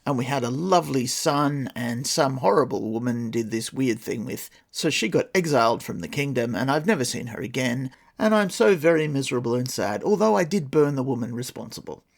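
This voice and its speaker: Male narrator voicing a sorrowful king, gravelly and self-pitying, storybook telling. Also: mid-range voice, animated, a little fast, hardly any pauses. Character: self-pitying grieving king, man, middle-aged.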